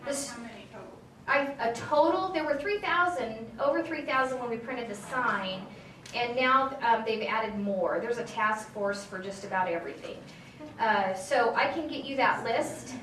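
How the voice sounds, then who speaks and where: A tired woman from California, a state assembly member telling an audience a lively story and acting out both sides of the dialogue. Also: fairly high pitch, normal speed, slight background noise. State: tired from lack of sleep. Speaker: state assembly member speaking to a political group. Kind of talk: casual storytelling speech. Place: meeting hall with an audience. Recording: echoey room, speaker far from the mic.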